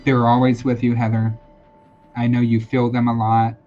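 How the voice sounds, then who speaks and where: A man's voice: medium pitch, completely flat delivery, normal speed, dark tone, faint music behind. A man hosting a live-streamed tarot and psychic reading, talking casually and reassuringly with lots of fillers and repeated phrases. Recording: dull lo-fi sound with faint background noise.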